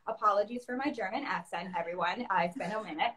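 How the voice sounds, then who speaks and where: Chicago-raised woman, fairly high voice, animated guest storyteller who acts out her own past reactions. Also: fast talker, hardly any pauses. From Chicago, USA. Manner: animated, acts out her past self in quotes, laughs often. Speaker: guest opera singer. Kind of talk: casual interview storytelling.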